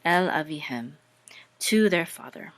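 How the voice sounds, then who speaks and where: A woman teaching biblical Hebrew, patiently sounding out letters and vowels and repeating words slowly for learners. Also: low-pitched, lively intonation, dry recording.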